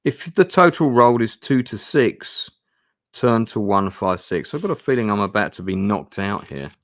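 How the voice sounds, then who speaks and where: A man with a fairly low voice talks through a gamebook play-through for a stream, reading passages and thinking aloud. He is chatty and hesitant and lets the odd swear word slip. The sound is dry and close. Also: big pitch swings, normal speed, fairly bright tone, no echo. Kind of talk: casual play-through narration.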